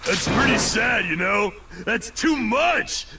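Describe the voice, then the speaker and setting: A man voicing a hulking, boisterous team manager, shouting and laughing in a gravelly voice over game music. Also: sits high, lively intonation, slow pace, heavily acted. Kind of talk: game dialogue read aloud. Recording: music playing behind.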